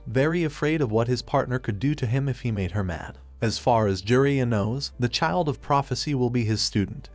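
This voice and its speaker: Man reading fan fiction aloud, flat steady read, mid-pitched, faint music in the background. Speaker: narrator. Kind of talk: fan fiction story narration.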